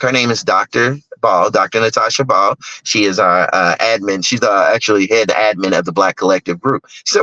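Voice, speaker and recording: A man speaking as a guest, telling a personal story in an animated way and acting out other people's lines. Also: fairly low pitch, brisk, hardly any pauses, no echo, highs cut off. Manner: animated storyteller who acts out other people's lines in sharply raised voices. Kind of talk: personal storytelling on a talk stage.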